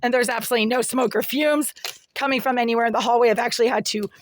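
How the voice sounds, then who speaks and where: A raspy-voiced woman filming a first-person complaint video in a small apartment room on a handheld phone, talking in an aggrieved, detailed and insistent way. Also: fairly high pitch, steady tone, very fast, a little hiss or hum. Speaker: vlogger.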